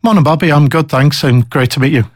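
A middle-aged man with a Liverpool accent, a chief executive guest on a radio interview, talking in a measured, thoughtful way with fillers. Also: a little high, dry recording, clean studio sound. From England.

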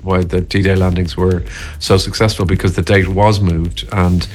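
Guy in his 40s or so, deep low voice, stops and restarts a lot, chatting about his work. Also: level tone, normal speed, a little mellow, soft background music. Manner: hesitant, restarts often, thoughtful. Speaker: actor, interview guest. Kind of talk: casual conversational interview.

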